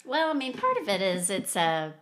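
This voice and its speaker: A woman discussing a film in a casual panel chat, measured and often pausing to search for words. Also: medium pitch, wildly swooping pitch, a bit bright. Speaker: film critic.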